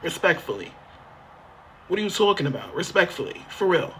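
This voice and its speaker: A man's voice: high-pitched, sing-song, brisk, a little hiss or hum. A man chatting on a phone livestream from a motel room, rambling, repetitive and swearing freely as he talks straight to his viewers. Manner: talks straight to chat, half joking. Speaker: livestreamer asking viewers for help. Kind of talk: casual livestream chat.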